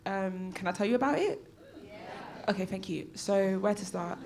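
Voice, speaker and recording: A woman's voice: medium pitch, normal speed, a little mellow. A young woman telling a rambling, giggly stand-up story on a comedy club stage. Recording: crowd laughter from a live audience. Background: audience laughing.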